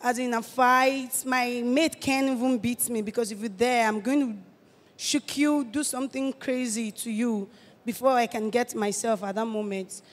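A woman's voice: a little high, fairly even intonation. Young Nigerian woman in a reverberant hall. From Delta State, Nigeria. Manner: halting, repeats and restarts phrases. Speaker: testifying church guest. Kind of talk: personal testimony in an interview.

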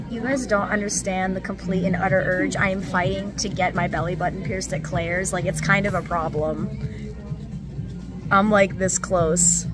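A woman's voice: mid-range voice, steady tone, moderate pace. A young woman under twenty-one chatting casually to her phone camera, giggly and rambling with lots of "like". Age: young adult, under 21. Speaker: vlogger. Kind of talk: casual vlog chat to camera. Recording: music playing under the voice.

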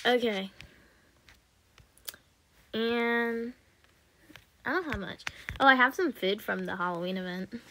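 Gushing young woman with a fairly high voice. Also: slow pace, long pauses, slight background noise. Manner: gushing, excitable, repeats herself. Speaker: gaming channel host. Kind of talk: casual gameplay commentary.

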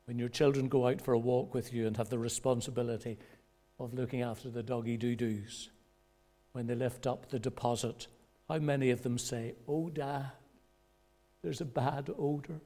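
A male pastor preaching a sermon in a measured way, pausing for effect and rising in pitch when he quotes others. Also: little pitch movement. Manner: measured preaching with dramatic pauses; rises in pitch and loudness when quoting voices. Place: church.

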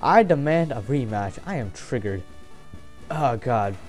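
A young man giving casual, excitable commentary while playing a game, swearing and joking to himself. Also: medium pitch, measured pace, faint music behind. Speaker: gameplay commentator.

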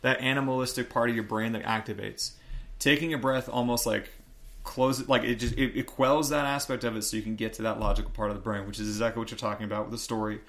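A man co-hosting a casual podcast chat in a loose, joking way. He keeps checking in with his co-host and fills his sentences with likes and rights. His voice sits at a middling pitch for a man. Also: fairly even intonation, fast, fairly bright tone.

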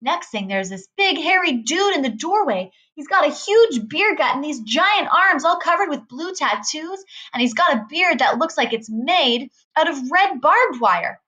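A woman reading a novel aloud in a lively first-person storytelling manner. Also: high voice, a little slow, few pauses, rough recording. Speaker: reader.

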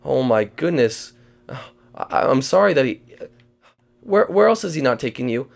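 A man hosting a playful game role-play, stumbling and repeating himself as he reacts. His voice is mid-pitched with a gravelly edge. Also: very animated, faint music behind. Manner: halting, repeats words while playing along.

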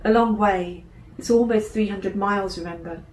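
A woman's voice: medium pitch, normal speed, a little mellow, slight background noise, natural voice. A woman voicing a teasing, protective girl, older sister of a young boy, in a storybook reading. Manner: teasing, coaxing. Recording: roomy room echo.

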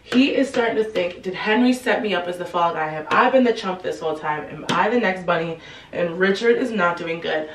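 A woman's voice: fairly low pitch, brisk, recorded from a distance, slight background noise. A young woman casually retelling a novel's plot, slipping into slangy quoted lines for each character. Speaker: book recap host. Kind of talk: casual storytelling recap. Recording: echoey room, voice set back from the mic.

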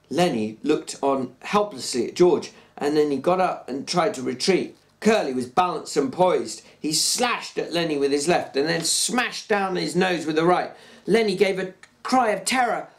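A man narrating a novel aloud in a dramatic, expressive reading. His voice sits a little high and carries the action along. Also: moderate pace. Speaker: reader.

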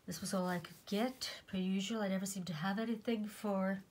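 A middle-aged woman from Northern Ireland with a Northern Irish accent, out of breath, chatting casually to camera and drifting into soft half-whispered asides. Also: mid-range voice, steady tone, fairly quick. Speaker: vlogger.

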